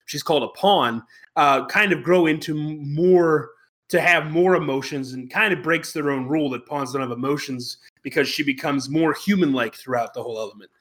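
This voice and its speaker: A man's voice: a little high, moderate pace, fairly bright tone. A man co-hosting a podcast, reviewing an anime in casual chat, wry and rambling with plenty of fillers and restarts. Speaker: podcast co-host.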